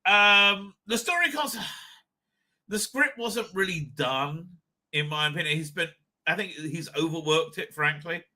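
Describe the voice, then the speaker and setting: A man hosting a live reaction review, rambling and profane, with stop-start sentences and sudden loud outbursts. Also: fairly high pitch, animated, measured pace. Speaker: show host and reviewer.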